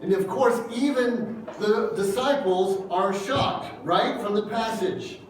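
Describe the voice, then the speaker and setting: A man's voice: high-pitched, slow pace, very echoey, distant mic, a little hiss or hum, rough recording. A man preaching a sermon in a conversational, emphatic way, often putting questions to his congregation. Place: church hall.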